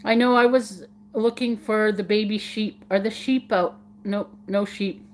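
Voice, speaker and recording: A woman's voice: mid-range voice, steady tone, a little slow, darkish tone, a little hiss or hum. A woman hosting a casual live stream, chatting with viewers in a giggly, playful way and repeating words for fun.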